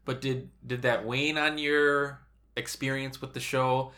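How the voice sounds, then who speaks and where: A man co-hosting a casual podcast chat, asking relaxed, probing questions. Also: mid-range voice, a little slow.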